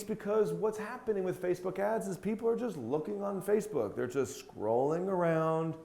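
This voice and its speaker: A man hosting a casual talk to camera, telling stories with big swings in pitch and loudness and swearing bluntly now and then. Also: creaky, roomy sound. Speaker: host.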